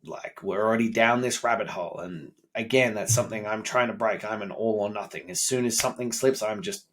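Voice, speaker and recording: A man's voice: fairly low pitch, brisk, fairly bright tone. Man, 30s; candid, profane self-improvement vlogger talking to camera. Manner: blunt and profane, self-critical. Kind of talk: candid personal monologue.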